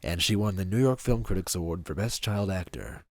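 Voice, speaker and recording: A man reading documentary narration in an even, measured way. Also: sits low, dry recording. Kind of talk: scripted narration.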